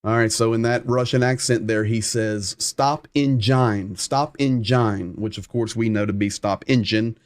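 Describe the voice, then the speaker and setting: A man's voice: on the low side, flat delivery, normal speed, hardly any pauses. A man hosting a live war update stream, translating clips and stressing points by repeating himself. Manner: emphatic, repeats phrases for stress.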